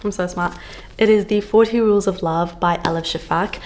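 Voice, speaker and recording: A woman's voice: medium pitch, fairly even intonation, a little fast, darkish tone, slight background noise. A woman book vlogger chatting casually to camera, gushing and full of fillers, filmed at home on a camera on a stand.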